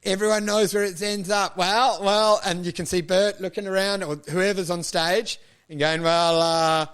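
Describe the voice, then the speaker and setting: A man with an American accent co-hosting a comedy podcast, riffing and swearing and building up to shouted bits. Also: high voice, fairly even intonation, moderate pace, clean tone. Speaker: podcast co-host.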